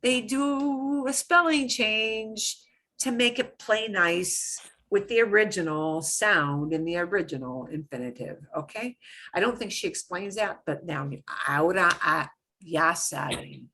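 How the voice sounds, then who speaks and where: A middle-aged woman talks a class through Spanish grammar at an unhurried, patient pace. Her voice is bright and clear, and she explains things step by step in a chatty way, full of small asides. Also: mid-range voice. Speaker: Spanish teacher.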